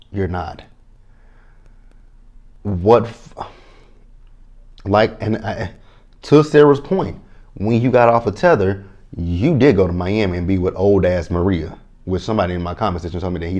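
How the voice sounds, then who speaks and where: Deep-voiced male vlogger, blunt and swearing, casual show-recap commentary. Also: a little mellow. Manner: blunt, profane, chatty. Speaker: TV reality show reviewer.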